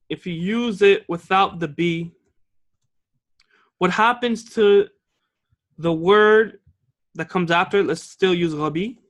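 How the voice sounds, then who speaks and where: A man's voice: sits high, fairly bright tone. A man teaching a classroom grammar lesson, explaining patiently, checking in with the class and switching between two languages. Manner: explains patiently, checking with "okay?" and "all right?"; switches between English and Arabic. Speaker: Arabic teacher.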